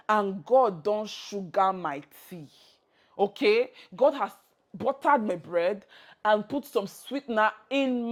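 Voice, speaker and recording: A Nigerian woman giving a casual video lesson, playfully acting out example phrases as she teaches. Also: mid-range voice. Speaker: language tutor.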